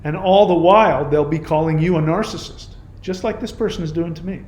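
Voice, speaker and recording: A man's voice: a little high, a little fast, darkish tone, slight background noise. A man hosting his own channel, delivering an impassioned reaction monologue in an emphatic, indignant, repetitive way. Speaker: YouTube channel host. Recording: roomy echo.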